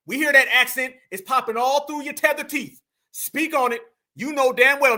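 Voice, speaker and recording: Male streamer, very high, sharp voice, taunting and confrontational reaction rant. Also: moderate pace. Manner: mocking, confrontational, slangy. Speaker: live-stream commentator. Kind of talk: heated reaction commentary.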